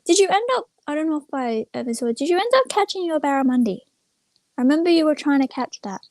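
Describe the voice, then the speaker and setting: A woman's voice: high-pitched, expressive, fast talker, a little mellow, dry recording. A young woman chatting casually on a livestream, rambling and retelling stories with lots of "I'm like.". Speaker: streamer.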